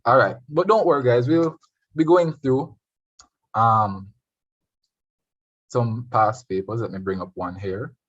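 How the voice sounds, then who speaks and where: A man's voice: mid-range voice, slow, long pauses, dry recording, lo-fi sound. A man with a Jamaican accent tutoring an online Spanish revision class, switching between English and Spanish and quizzing his students.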